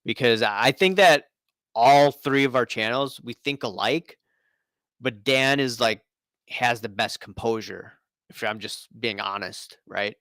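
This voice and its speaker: A man's voice: medium pitch, measured pace, fairly bright tone, no room sound. A man hosting a casual live stream, chatting and reading out viewer comments in a rambling way.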